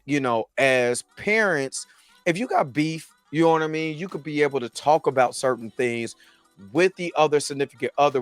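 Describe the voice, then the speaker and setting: Casual recap host with dry sound. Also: male voice, a little high, no echo. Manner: conversational, full of "you know what I mean", animated retelling. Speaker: show host reviewing a TV episode.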